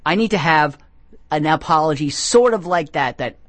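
A man's voice: on the high side, animated, moderate pace, a bit bright, dry recording. A man hosting a comedy podcast, rambling with sarcastic, jokey asides. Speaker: podcast host. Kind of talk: comedic casual talk.

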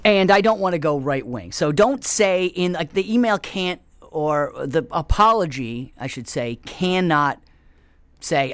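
A man's voice: on the high side, expressive, a little slow, a bit bright, clean tone, dry recording. A man hosting a comedy show, delivering a rambling, self-mocking monologue with sudden whispered asides. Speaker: comedy show host taking calls.

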